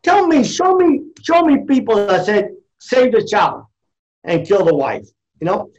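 A man's voice: high-pitched, lively intonation, a little slow, a little mellow, dull audio. A middle-aged man talking in a fervent, preachy, emphatic way, loose and conversational. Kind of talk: passionate conversational talk.

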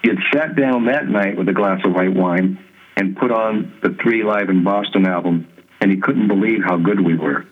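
A man being interviewed as a guest musician, telling stories in a lively conversational way, acting out other people's lines and laughing often. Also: deep voice, moderate pace. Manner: animated storyteller who mimics others' voices and laughs often. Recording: tinny phone-like line.

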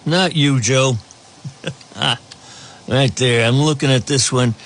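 A male talk radio host in the middle of an opinionated monologue. His voice sits at an ordinary pitch for a man. He wanders between points, often breaks into small chuckles, and restarts his sentences as he goes. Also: steady tone, slow, a bit bright, a little hiss or hum. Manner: rambling, chuckles often, many restarts and fillers.

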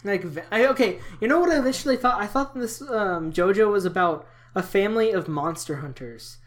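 A man's voice: high-pitched, lively intonation, fairly quick. A young man around eighteen co-hosting a casual podcast chat, ranting at length and laughing often. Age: late teens. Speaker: podcast co-host.

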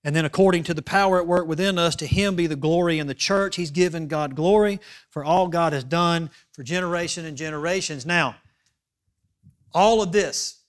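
Emphatic higher-voiced male pastor preaching. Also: normal speed. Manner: emphatic, swings from hushed asides to loud appeals; fills with "okay?" as a check-in. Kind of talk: sermon.

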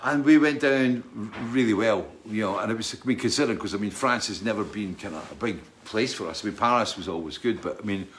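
A man's voice: fairly low pitch, brisk, hardly any pauses, a bit bright, slight background noise. Man spinning a rambling tour story. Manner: rambling, keeps checking in with "right?", laughs often. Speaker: touring musician telling a story. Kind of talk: casual anecdote telling.

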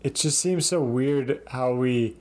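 Slow-talking laid-back man. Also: medium pitch, darkish tone. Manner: laid-back, halting, jokey. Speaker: podcast co-host. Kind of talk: casual podcast discussion.

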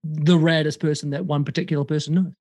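This guest talks fast in a fairly high voice, chatting casually over a remote call. He's animated, curses freely, and does voices for the people he quotes.

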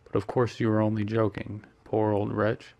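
A man doing an earnest young gentleman. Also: fairly low pitch, monotone, moderate pace, close to an everyday voice. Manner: earnest and easily flustered.

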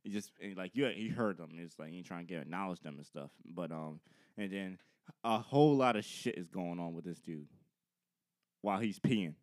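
A man's voice: low-pitched, normal speed. A man co-hosting a podcast, telling a comic story in casual, rambling chat and often breaking into laughter. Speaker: podcast co-host.

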